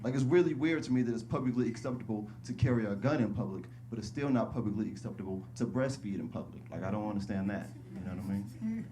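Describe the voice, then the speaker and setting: A male stand-up comedian telling stories casually on a club stage, slipping into high-pitched voices when he quotes people. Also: lively intonation, fast, warm tone, a little hiss or hum. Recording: live club recording with audience laughter.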